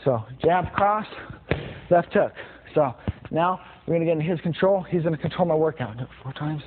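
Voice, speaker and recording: A man's voice: fairly high pitch, moderate pace. Man coaching boxing over tinny audio. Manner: plain, repetitive instruction with punch sounds. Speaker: boxing instructor. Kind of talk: demonstrating boxing combos. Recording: tinny phone-like sound with noise.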